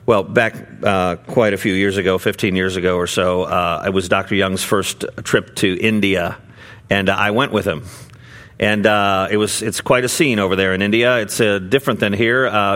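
A middle-aged man, a pastor, preaching a sermon in a relaxed conversational way, with many fillers and restarts as he tells a story. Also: lowish voice, moderate pace.

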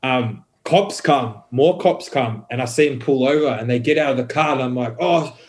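A man sits in as a podcast guest and tells a story in loose, casual talk. His voice sits at an ordinary middle pitch. He swears constantly, rambles, and keeps dropping in fillers as he goes. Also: normal speed. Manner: swears heavily, rambling and animated; many fillers like "um" and "bro".

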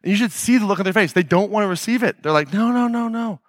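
A man's voice: high-pitched, racing, fairly bright tone, no echo, studio quality. Blunt, profane male podcast host. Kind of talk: casual solo podcast monologue.

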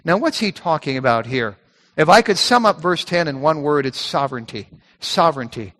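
A fairly high-voiced man preaches a sermon in a church sanctuary, with his words trailing off into a long hall reverb. He talks in a conversational way, doubling up on words as he goes, and slows right down when he reads scripture. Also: animated, a bit bright. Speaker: pastor.

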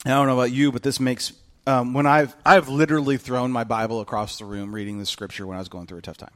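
A man preaching a sermon as a pastor, animated and candid, with self-mocking humor and voices acted out in quotes. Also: medium pitch, fast talker.

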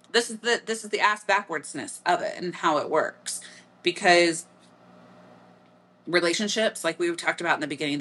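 A woman's voice: deep voice, fairly bright tone. A middle-aged woman with a Midwestern accent, hosting a podcast in a candid, casual monologue full of blunt swearing. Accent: Midwestern American. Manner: blunt, frequent swearing, laughs easily. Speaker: podcast host.

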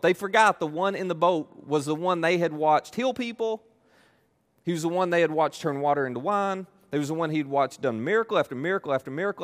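A male pastor delivering a sermon in a somewhat high voice. He drives his points home by repeating them and slips in playful asides. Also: lively intonation, fairly quick. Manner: emphatic, repetitive, playful asides.

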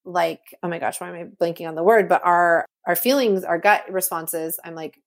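A woman's voice: on the low side, steady tone, normal speed. A woman in her thirties from California, chatting as a podcast guest, full of "like" and acting out her own quotes in a raised voice. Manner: chatty, heavy use of "like", acts out quotes in a raised voice. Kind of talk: casual conversational interview.

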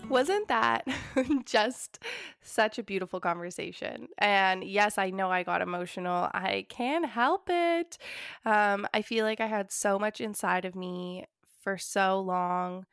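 Woman, podcast host, gravelly fry, gushing, laughs a lot. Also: medium pitch, steady tone, unhurried, a bit bright, no echo, studio quality, faint music behind. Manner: effusive and gushing, laughs often. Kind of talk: casual podcast conversation.

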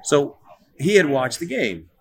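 A man's voice: fairly high pitch, sing-song, a little slow. A middle-aged man, a former pro soccer player, telling stories as a guest in a casual interview, often repeating words as he starts a sentence.

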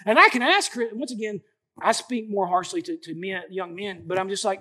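A man in his late forties preaching a sermon, lively and colloquial, often repeating emphatic phrases. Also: high voice, normal speed. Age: 40s. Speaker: pastor.

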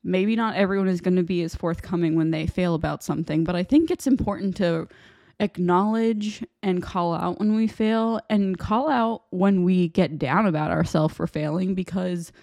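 A young woman hosts a casual solo podcast, talking in a candid, rambling way that is often self-deprecating. Her voice sits low and mellow. It is recorded dry and close, with no room sound. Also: normal speed, creaky, dry recording. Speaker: podcast host.

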